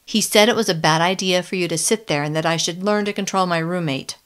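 A woman reading the lines of a bossy, angry teenage girl who yells at her roommate. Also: on the low side, quick pace, close to an everyday voice. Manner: sharp, yelling, scornful.

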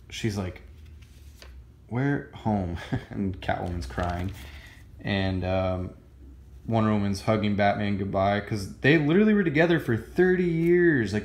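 A man's voice: lowish voice, unhurried, reverberant. A man casually reviewing a comic book, rambling and gushing with many fillers and restarts. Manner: excited, gushing.

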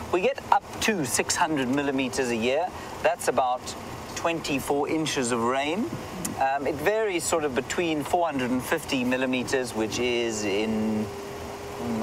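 A man hosting a live safari broadcast outdoors from a game drive vehicle, chatting playfully with online viewers and reading out their comments. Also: mid-range voice. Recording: outdoor noise from the vehicle and surroundings. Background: vehicle and outdoor ambience.

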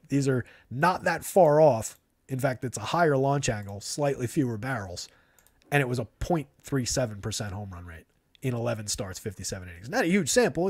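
A man's voice: mid-range voice, a little mellow, dry recording, clean studio sound. A man hosting a live fantasy baseball show, reeling off statistics and blunt opinions on players. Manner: rapid stat-heavy analysis, opinionated. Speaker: fantasy baseball analyst host. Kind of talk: live stream stat breakdown.

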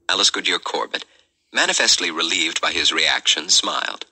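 Very deep, bright-toned male storyteller. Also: lively intonation, moderate pace. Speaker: podcast host reading a novel. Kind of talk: reading a novel chapter aloud.

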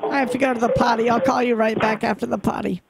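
A man's voice: very high voice, level tone, fast talker, vocal fry, noisy background, pitched above the performer's own voice. A man voicing a frail elderly grandmother in a prank phone call, fussy and scolding. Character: frail elderly grandmother scam-baiting victim.

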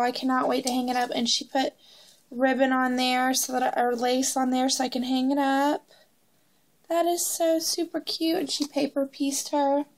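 High-voiced, gushing woman vlogger. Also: low-quality recording. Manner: gushing, excitable, chatty. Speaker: crafting vlogger. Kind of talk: casual unboxing chat. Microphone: phone.

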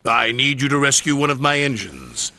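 A man's voice: medium pitch, big pitch swings, normal speed, background noise, natural voice. A man doing a proud, firm railway boss. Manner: proud, commanding. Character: kindly stout railway controller, proud and firm. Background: background music.

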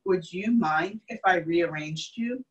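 A woman reading a children's storybook aloud and voicing a gentle, polite male hermit crab who asks others for help. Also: on the low side, slow pace, highs cut off. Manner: polite, courteous asking.

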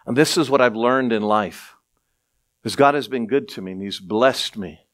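A middle-aged male pastor preaching a sermon, telling stories with lively acted-out voices and frequent laughter. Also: medium pitch. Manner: animated storytelling, acts out voices, laughs often.

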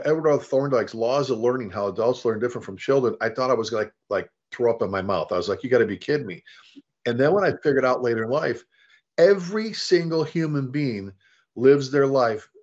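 A middle-aged man, a fire service leader, telling stories in an interview, acting out quoted dialogue and restarting his sentences often. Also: mid-range voice. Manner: animated storyteller, acts out quoted dialogue, frequent restarts. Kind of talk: conversational storytelling. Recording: dull lo-fi interview audio.

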